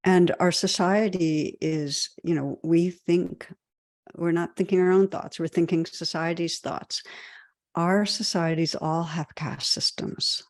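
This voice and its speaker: Gentle, slightly gravelly woman teaching meditation. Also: lowish voice, fairly even intonation, slow, no room sound, studio quality. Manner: gentle and reflective, with frequent "you know" and soft restarts. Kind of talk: dharma talk.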